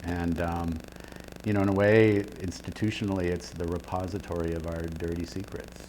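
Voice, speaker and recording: A man's voice: low voice, level tone, moderate pace, a little mellow, a little hiss or hum. A man, a writer and editor, answering interview questions reflectively, with frequent fillers and restarts. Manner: thoughtful, with many fillers and restarts.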